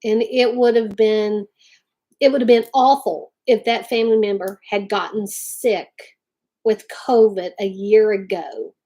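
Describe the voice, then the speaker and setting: A woman's voice: mid-range voice, warm tone. A middle-aged woman, hosting a casual live chat and talking emphatically and from the heart straight to her viewers. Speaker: livestream host.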